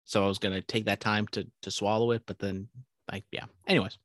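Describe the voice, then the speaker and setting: A man's voice: lowish voice, level tone, fast, fairly bright tone, dry recording, studio quality. A young man co-hosting a podcast in casual chat, rambling with many restarts and casual swearing. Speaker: podcast co-host.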